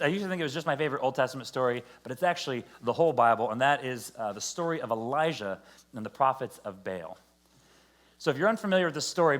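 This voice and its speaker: A man's voice: medium pitch, fairly bright tone. A man giving a conversational, joking sermon to a church, acting out quotes along the way. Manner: conversational, jokey preaching with acted-out quotes. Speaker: pastor. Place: church service.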